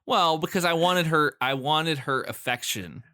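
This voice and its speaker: A man's voice: a little high, a little slow, pushed and bright, no echo, clean studio sound. A man co-hosting a movie podcast in casual chat, laughing often as he recaps scenes and speculates about the plot. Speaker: podcast co-host.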